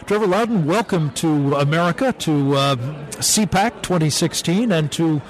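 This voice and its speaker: A man hosting a radio interview at a convention, speaking deliberately with frequent pauses. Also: a little high, expressive. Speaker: radio host. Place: radio row at a political convention.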